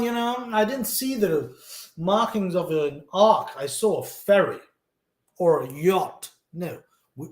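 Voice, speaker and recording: A man reading scripture aloud and commenting on it in an earnest, animated way, talking straight to the listener. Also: on the high side, roomy sound. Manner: earnest, animated, talks to the listener directly, repeats himself.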